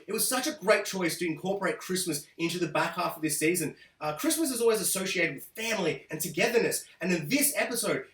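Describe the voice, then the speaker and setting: A man giving an excitable, gushing TV episode review, laughing often and dropping into voices to quote characters. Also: high voice, far from the mic. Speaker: TV review host. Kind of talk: enthusiastic spoken TV review. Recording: roomy echo, a bit off-mic.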